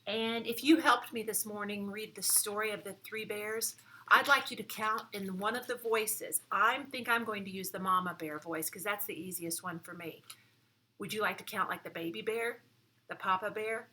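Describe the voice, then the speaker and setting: A woman teaching preschoolers in a classroom, speaking clearly and instructively, one step at a time. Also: mid-range voice, fairly even intonation, normal speed, pushed and bright. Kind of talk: children's lesson.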